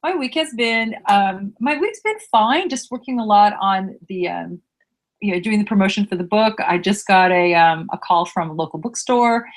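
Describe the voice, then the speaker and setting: A woman co-hosting a writing podcast, an author chatting in a relaxed, friendly way and laughing easily. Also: medium pitch, moderate pace. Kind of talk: casual chat.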